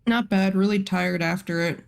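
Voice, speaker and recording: A woman in casual chat, easygoing and talkative, with a voice of middling pitch. She swears freely and leans on lots of filler words as she tells a long story from her teaching day. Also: moderate pace, gravelly. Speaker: art teacher.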